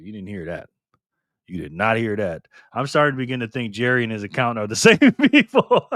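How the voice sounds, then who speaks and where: A man's voice: mid-range voice, no echo, studio quality. A man hosting a live stream in a casual chat style, reading viewer comments aloud, laughing often and cheering on players. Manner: laughs often, loose and playful.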